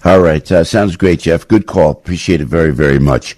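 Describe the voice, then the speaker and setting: Husky-voiced New Jersey radio host. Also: male voice, low voice, a little mellow, dry recording, studio quality. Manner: jokey, laughs often, quick asides. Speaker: radio talk show host. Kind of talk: casual radio banter. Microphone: studio microphone.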